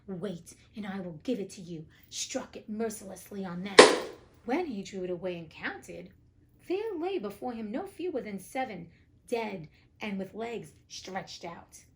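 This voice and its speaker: A young woman hosts an audiobook podcast, reading a fairy tale casually and breaking in with cheeky, profane side comments. Her voice is mid-range, and there's a little hiss or hum in the recording.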